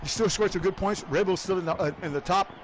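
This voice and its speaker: A man commentating a sim-racing league live and interviewing drivers afterward, excitable and whooping, calling everyone "man" and "baby". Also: sits high, fast talker, background noise. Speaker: race commentator and league host.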